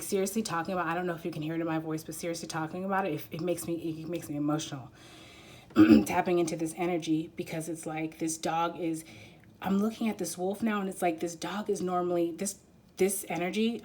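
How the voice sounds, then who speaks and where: A woman with a fairly low voice gives an intuitive card reading in a quiet room. She talks in a halting, rambling way, full of fillers, and becomes emotional as she goes. A faint hum sits under her voice. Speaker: tarot reader.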